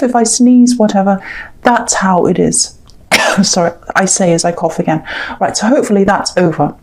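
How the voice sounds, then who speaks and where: A woman's voice: medium pitch, a little mellow. Woman tarot reader with a scratchy throat. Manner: rambling and hedging, many "I think" and "um". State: scratchy throat with recurring coughs. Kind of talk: casual spoken tarot reading.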